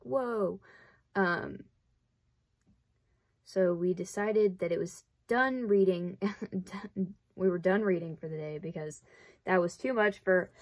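A young woman with a light Southern lilt chats away as she sews, her voice sitting a little low for a woman. She rambles from one thought to the next, peppers her talk with "like," and tosses in dry jokes at her own expense. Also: darkish tone. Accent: light Southern American. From Southern United States. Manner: rambling, chatty, says "like" often; self-deprecating, wry asides. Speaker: vlogger. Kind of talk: casual chat while sewing.

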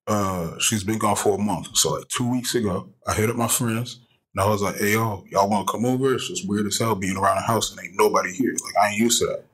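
A man's voice: lowish voice, fairly even intonation, fairly quick, a bit bright, husky, rough recording. A man calling in with a question for a podcast, telling a story in a laid-back way. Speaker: caller. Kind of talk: recorded voice message.

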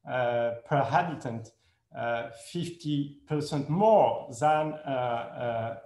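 A man giving a conference presentation in careful non-native English, hesitant and full of pauses and fillers, correcting himself as he goes. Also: medium pitch, animated, a little mellow. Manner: speaks English as a second language. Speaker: conference speaker. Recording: echoey room.

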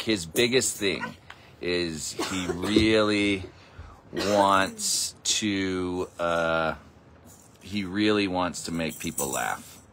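A man's voice: low voice, fairly bright tone, slight background noise. A man casually chatting on a family livestream at home, laughing often and joking about accents. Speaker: parent hosting a family livestream. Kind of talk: casual chat.

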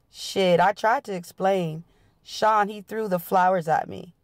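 A woman's voice: medium pitch, measured pace, no room sound, clean studio sound. A woman hosting her channel, reading a memoir aloud in an earnest storytelling style. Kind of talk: dramatic audiobook-style reading.

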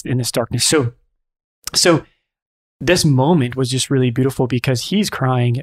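A male priest recounts a story in a relaxed conversation. He speaks earnestly at a middle pitch, stopping and restarting often as he searches for words. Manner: earnest, halting, many restarts. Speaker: priest and friar.

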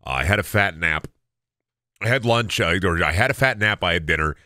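A man in his thirties chats on a game stream, his low voice swinging widely up and down as he rambles through a story. He stammers and restarts, breaks into loud laughter, and sounds bright and forceful. He is close on a dry desk mic with no room sound. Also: expressive, a little fast, dry recording. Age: 30s. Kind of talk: casual chat on a gaming stream.

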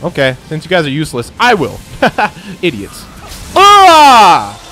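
A young man commentating his own gameplay, excitable and trash-talking, yelling at the game. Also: on the high side, moderate pace, faint music behind. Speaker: gameplay YouTuber. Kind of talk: let's play commentary.

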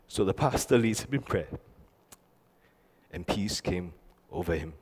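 A man's voice: sits low, animated, measured pace, darkish tone, a little hiss or hum. A male pastor preaching a sermon, telling stories animatedly with emphatic repetition. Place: church sanctuary. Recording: long church reverb.

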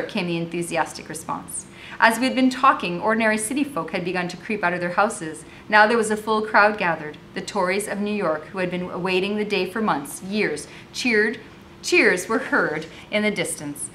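Woman reading aloud, bright clear voice, expressive dialogue, faint rumble behind. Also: normal speed. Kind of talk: read-aloud with commentary.

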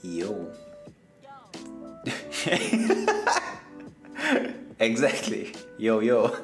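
A man gives live gameplay commentary in a loose, joking way, chuckling and chatting to the creatures on screen. His voice is lively and bouncy in pitch, and he takes his time with his words. Soft music plays faintly behind him. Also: takes it slowly, pauses often. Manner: playful, chatty, laughs often, talks to game animals. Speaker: gaming streamer.

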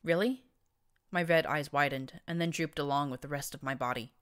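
A woman narrating fiction in first person, reading with a wry, even delivery. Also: deep voice, brisk, smooth. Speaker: audiobook narrator.

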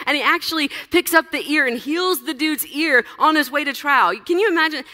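Woman pastor, high bright voice, lively casual storytelling, long reverb of a church hall. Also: fairly quick, few pauses. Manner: animated storytelling with casual asides. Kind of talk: sermon.

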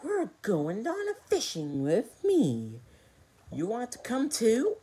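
A big, scary storybook shark, played by a woman, asking a friend along in an unhurried voice that swoops up and down. The pace is slow and deliberate. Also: on the high side, huge pitch swings, warm tone, slightly rough, exaggerated voice. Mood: friendly.

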